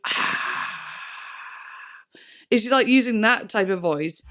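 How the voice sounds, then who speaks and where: A woman with a fairly high voice reacts to an album in a loose, chatty way. She rambles, piles up filler words and hums snippets of the songs as she goes. Quiet music plays faintly behind her. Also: a little slow, long pauses. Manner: excitable, hums and mimics song parts. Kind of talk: casual reaction commentary.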